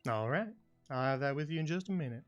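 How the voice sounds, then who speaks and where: A man narrating as dungeon master, relaxed and full of ums and uhs. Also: medium pitch, fast, muffled recording, faint music behind. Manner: filler-heavy, relaxed narration. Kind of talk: narrating a tabletop game.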